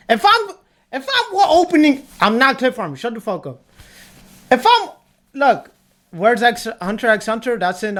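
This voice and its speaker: In a tier-list rant aimed at live chat, a young adult streamer keeps repeating points emphatically and swears plenty. Their voice is medium-pitched and a touch bright.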